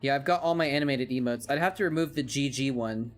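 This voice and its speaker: A man's voice: medium pitch, fast, faint music behind. A man streaming live, chatting casually while watching old game footage, rambling and breaking off his own sentences with an amused tone. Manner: rambling, self-interrupting, amused.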